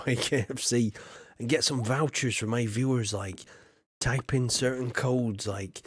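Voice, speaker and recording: A man's voice: fairly low pitch, noisy background. A man chatting casually while streaming a game, rambling and laughing often as he reads his chat.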